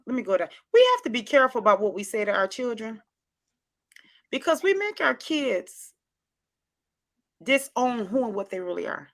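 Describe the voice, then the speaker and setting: An American woman hosts a casual chat with a high, bright voice that leaps up and down in pitch. She talks in animated, exclamatory bursts, stumbling and restarting mid-sentence. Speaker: host. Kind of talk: casual group chat show.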